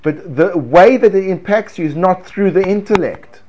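A man leads a Torah class in a lively, animated way. His voice sits a little high for a man, and he drops from loud emphasis to near hushed tones. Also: moderate pace, lo-fi sound, a little hiss or hum. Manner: animated, chants prayer words with swings from loud to hushed. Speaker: Torah teacher.

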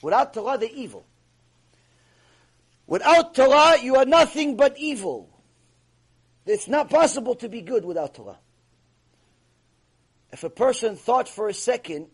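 A man teaching a religious lecture, emphatic and animated, telling stories and repeating points for effect. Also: high-pitched, slightly rough. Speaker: rabbi teaching a lecture series.

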